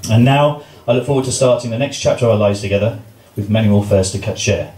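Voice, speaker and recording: A man's voice: fairly low pitch, fast. An English man giving his wedding speech as the groom, joking and poking fun at himself. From England. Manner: joking, self-deprecating. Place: wedding reception venue. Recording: roomy, distant, loud crowd noise.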